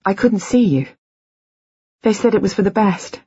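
Lady reading desperate middle-aged husband begging, breathy husky tone, dry sound. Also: medium pitch, lively intonation, normal speed, warm tone, no echo, muffled recording, pitched above the performer's own voice. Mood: tearful pleading. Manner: pleading, emotional.

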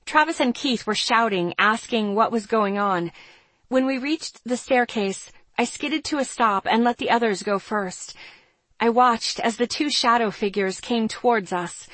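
A woman's voice: a little high, unhurried, fairly bright tone, no echo. A woman reading a first-person story aloud in a tense, dramatic way. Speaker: narrator. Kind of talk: first-person audiobook narration.

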